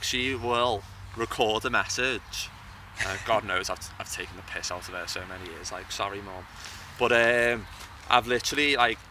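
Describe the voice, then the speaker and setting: A man's voice: mid-range voice, sharp tone, slight background noise. A young man talking casually as an interview guest, hesitant and often repeating words as he thinks, outdoors by a bridge. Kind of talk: casual chat.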